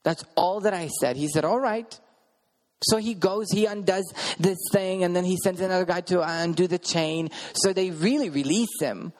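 A man's voice: high voice, moderate pace, few pauses, darkish tone, long reverb tail. A man preaching a sermon, earnestly telling a personal story in vivid present tense. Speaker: preacher sharing a testimony.

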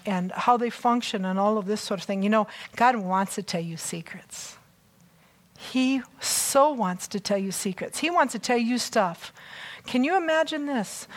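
A woman preaches in a loose, conversational way, her voice sitting a little high. She is chatty and excitable, breaking off into self-mocking asides as she talks to her listeners. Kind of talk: conversational sermon.

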